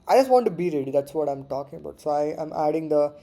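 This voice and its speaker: A man's voice: a little high, expressive, quick pace, warm tone. A man giving casual live commentary while trading forex, muttering and repeating words to himself and swearing freely. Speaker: forex trader streaming live.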